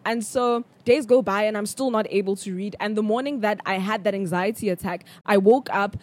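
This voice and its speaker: A woman in her twenties from South Africa, hosting a podcast and telling a personal story in a chatty, expressive, casual way. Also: mid-range voice, fairly quick. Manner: chatty and expressive, calls listeners "child". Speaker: podcast host.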